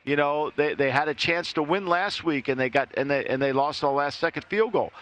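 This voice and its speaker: A man's voice: a little high, brisk, few pauses, fairly bright tone. A man giving college football betting picks on a talk show, hedging and often repeating words as he starts a thought.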